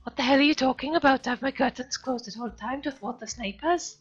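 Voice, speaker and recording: A woman voicing a paranoid, reclusive teenage boy who rants in loud, panicky outbursts. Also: sits high, quick pace, breathy edge, voice pushed up. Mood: frantic. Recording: dull lo-fi stream audio, faint music.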